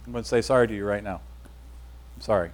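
A man's voice: fairly low pitch, fast. A man preaching a sermon, building emphatic repeated declarations and leading the congregation to say lines back. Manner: emphatic repetitive declarations, leads congregation call-and-response.

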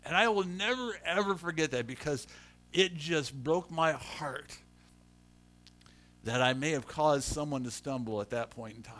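A middle-aged pastor with a somewhat high voice preaches an unhurried storytelling sermon. He's animated, acting out the voices of the people in his stories.

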